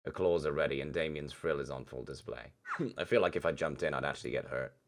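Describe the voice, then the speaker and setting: Low-voiced young male game streamer. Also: fast talker, a little hiss or hum. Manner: casual, swearing, reacting out loud. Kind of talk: let's-play narration and commentary.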